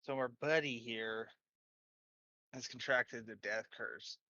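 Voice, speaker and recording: A man's voice: mid-range voice, takes it slowly, sharp tone, no room sound, highs cut off. A man playing a tabletop game, crude and playful, laughing often. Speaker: player. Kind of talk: casual tabletop game chat.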